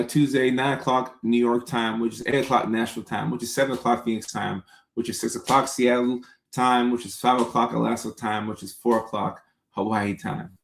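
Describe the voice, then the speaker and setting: A man with a gravelly, creaky voice and middling pitch hosts a casual live stream, answering viewer comments in a loose, chatty way. He laughs easily and keeps the talk relaxed. The sound carries a noticeable room echo.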